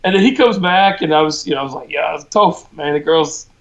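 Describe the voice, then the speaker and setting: A man joining a podcast, telling a story in a relaxed, low-key way. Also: a little fast, highs cut off. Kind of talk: casual storytelling.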